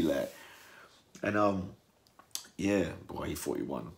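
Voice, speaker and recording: A young man from England talks through a fight he just watched in a casual monologue. His voice sits very low with a gravelly fry, and now and then he jumps into mocking impressions of the fighters. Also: takes it slowly, pauses often, a little hiss or hum. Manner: animated, acts out fighters' words in mocking high voices. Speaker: boxing commentator.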